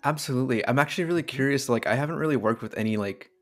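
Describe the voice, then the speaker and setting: A man hosting a podcast interview, asking questions in a curious, halting way with many fillers. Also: mid-range voice, faint music behind. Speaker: podcast host.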